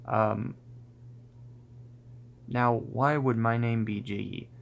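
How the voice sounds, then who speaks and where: A man's voice: mid-range voice, steady tone, takes it slowly, gravelly, lo-fi sound, a little hiss or hum. A man hosting a casual livestream, rambling and restarting his sentences, often close to laughing. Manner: rambling, self-interrupting, often breaking into laughter. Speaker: YouTube channel host on a livestream.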